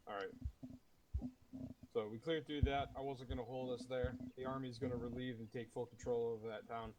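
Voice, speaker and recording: A man commanding a military sim unit, leading a mission debrief over game voice chat in a steady, matter-of-fact manner. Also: medium pitch, normal speed, over a noisy crowd, low-quality recording. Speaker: commanding officer running the debrief.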